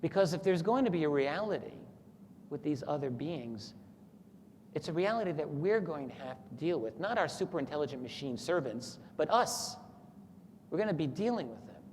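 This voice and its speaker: A man's voice: a little high, expressive, normal speed, a little mellow. A man giving a lecture who retells a story in an earnest way and acts out the quoted thoughts. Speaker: speaker at a talk. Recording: echoey hall with faint noise.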